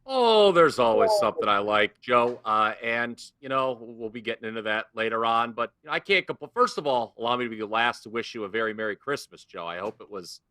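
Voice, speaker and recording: Sharp-voiced sarcastic male handicapper. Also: mid-range voice, lively intonation, brisk, hardly any pauses, clear, resonant tone. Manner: dry, teasing sarcasm. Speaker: sports handicapper guest. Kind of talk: casual sports betting talk.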